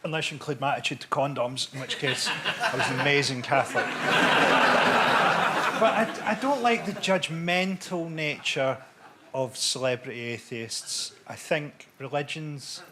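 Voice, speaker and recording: A male comedian delivering dark, deadpan jokes on a panel show. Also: fairly high pitch, moderate pace, noisy background. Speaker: comedian guest. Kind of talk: stand-up style rant.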